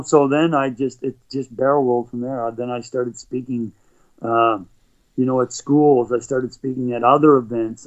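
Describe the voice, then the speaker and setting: A middle-aged Canadian man telling rambling stories as an interview guest, with frequent restarts. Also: medium pitch. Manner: rambling, animated anecdotes with frequent restarts and laughs. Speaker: guest, motivational speaker and former athlete. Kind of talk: conversational storytelling. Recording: dull lo-fi recording.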